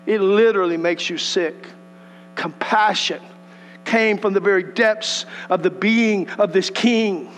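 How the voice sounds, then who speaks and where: A man preaching a sermon, animated and folksy, acting out the voices of the scripture passages. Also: high voice, measured pace. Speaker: pastor. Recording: long hall reverb with mains hum.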